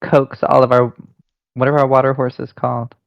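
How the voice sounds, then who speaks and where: A man's voice: medium pitch, level tone, normal speed, vocal fry, dry recording. A man playing a tabletop game who chats casually about his character's plans, leaning on "like" a lot. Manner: chatty, explains his plans with lots of "like". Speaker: player. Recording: dull, dry lo-fi sound.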